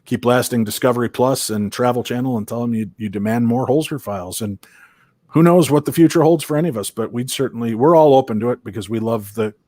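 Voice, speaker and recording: A man's voice: medium pitch, fast, no echo. Guy w/ a chicago-minnesota accent, jokey guest, dry close mic. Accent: Chicago and Minnesota blend. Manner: joking, animated storyteller. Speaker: guest, paranormal investigator. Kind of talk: casual interview chat.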